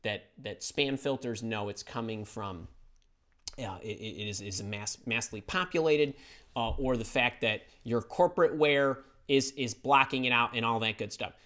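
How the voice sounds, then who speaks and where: A man's voice: medium pitch, normal speed, pushed and bright. A middle-aged man hosting a live career-advice question session, speaking casually and bluntly, repeating words for emphasis. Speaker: career advice host answering viewer questions. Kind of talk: live-stream Q&A, casual and opinionated.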